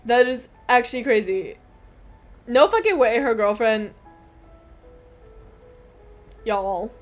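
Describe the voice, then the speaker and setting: Lively, chatty young woman gamer. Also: on the high side, measured pace, faint music behind. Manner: chatty, rambling and self-mocking, with swearing. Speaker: gaming streamer. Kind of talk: casual let's-play commentary.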